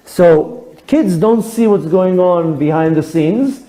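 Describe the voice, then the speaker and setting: Animated high-voiced male rabbi. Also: slow pace, hardly any pauses, rough recording. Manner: animated storyteller, acts out quotes with humor. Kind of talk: sermon.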